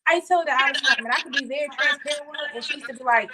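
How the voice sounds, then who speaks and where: High-voiced young woman, noisy recording. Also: rapid-fire. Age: young adult. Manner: open, candid, fills with "like". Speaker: guest. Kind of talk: casual chat. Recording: loud background noise.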